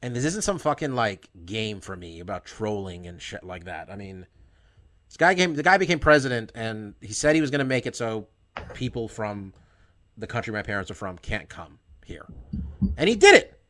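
A man's voice: on the low side, expressive, normal speed, fairly bright tone. A man hosting a podcast, speaking emphatically with frequent swearing and many false starts. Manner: emphatic, profane, with many restarts. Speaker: podcast host. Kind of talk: heated podcast monologue.

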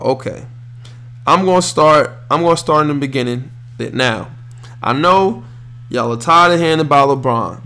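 A young man, hosting a podcast with rambling, slangy, animated sports talk. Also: mid-range voice. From northern New Jersey. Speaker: podcast host.

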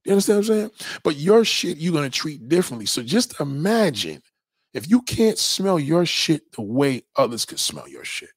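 Blunt, husky-voiced man ranting on a livestream. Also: a little high, sing-song, moderate pace, no room sound, clean studio sound. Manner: blunt, crude, lecturing, reads out chat. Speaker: livestream host. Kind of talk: profane livestream rant.

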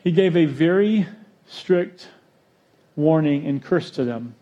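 A man preaching a sermon, storytelling with jokes and acting out quotes in an animated way. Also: on the high side, slow pace, highs cut off. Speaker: pastor.

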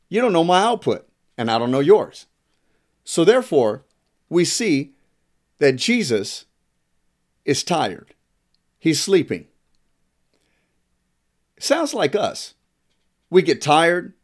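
A man preaching a sermon, reading scripture and adding emphatic, playful asides. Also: a little high.

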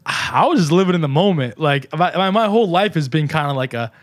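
A man in his thirties speaks with a New York accent, his voice sitting a little high for a man. He tells a personal story in a loose, animated way, swearing freely and slipping into the voices of the people he quotes. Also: brisk. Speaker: podcast guest. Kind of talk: casual storytelling.

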